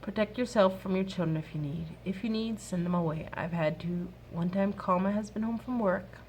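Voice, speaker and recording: Casting note: woman in her thirties, mid pitch, sincere and soft-spoken, faint hiss behind her. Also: normal speed. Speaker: mom sharing a workshop talk. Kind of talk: gentle faith-based advice talk.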